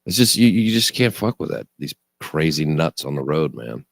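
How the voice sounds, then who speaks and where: A man's voice: rumbling low, very animated, moderate pace, creaky, dry recording, clean studio sound. A man co-hosting a casual podcast, telling a story in a wry, conversational way and swearing casually.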